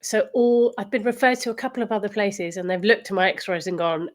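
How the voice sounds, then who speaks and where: This co-host talks briskly in a mid-range voice, her southern English accent clear as she giggles and chats casually on the podcast.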